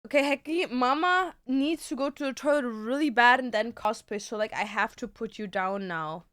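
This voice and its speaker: A woman's voice: a little high, moderate pace, a bit bright, clear, resonant tone, dry recording, studio quality. A woman streamer chatting casually at home with a cat on her lap, swearing now and then and reading viewer questions aloud. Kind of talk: casual live-stream chat.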